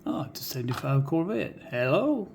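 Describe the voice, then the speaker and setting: Folksy gravelly man musing softly. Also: mid-range voice, measured pace, a little hiss or hum. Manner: folksy, musing aloud, drops into whispers. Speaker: die-cast car collector showing finds. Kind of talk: casual show-and-tell vlog.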